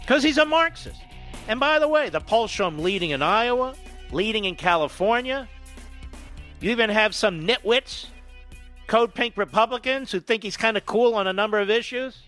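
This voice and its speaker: A man hosting a political talk radio show, emphatic and indignant, firing off rapid points. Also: high voice, expressive, sharp tone, faint music behind.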